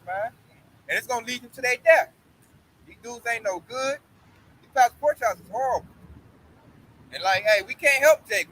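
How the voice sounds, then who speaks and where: High bright-voiced man giving street testimony. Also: a little hiss or hum, poor audio. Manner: blunt, profane, animated storytelling.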